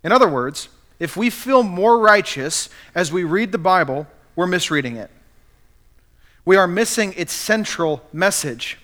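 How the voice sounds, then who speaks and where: A man's voice: sits high, animated, measured pace, a bit bright. A man preaching a sermon as pastor, earnestly acting out the quotes he cites.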